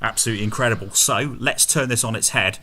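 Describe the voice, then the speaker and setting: Bright-voiced host. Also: male voice, medium pitch, fast talker, slight background noise. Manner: relaxed, conversational, leads the questions. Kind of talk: casual chat.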